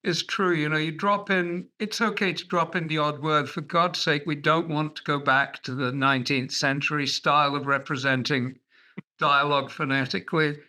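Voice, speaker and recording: A male writer on a podcast panel, giving measured, firm opinions on craft. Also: fairly high pitch, fairly even intonation, bright, forceful tone. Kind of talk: casual roundtable chat.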